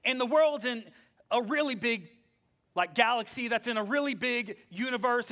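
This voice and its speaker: A male pastor giving a sermon in a relaxed, conversational way, full of "like", that moves between eager and hushed. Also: very high-pitched, moderate pace.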